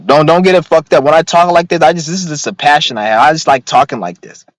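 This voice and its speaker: A man's voice: on the high side, quick pace, dry recording, low-quality recording. A man ranting to his viewers in a profane, rambling, emphatic monologue, reading out their comments now and then. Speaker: vlogger.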